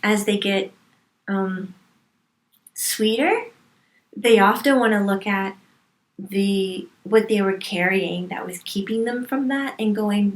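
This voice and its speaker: Woman channeling spirit guidance, slow and emphatic, says things over for stress, roomy echo. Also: mid-range voice. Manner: emphatic, repeats words for stress. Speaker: medium channeling a spirit guide.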